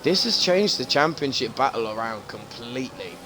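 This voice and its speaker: A man's voice: medium pitch, expressive, normal speed, noisy background. A man commentating a sim racing league, joking and swearing as he talks. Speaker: race commentator.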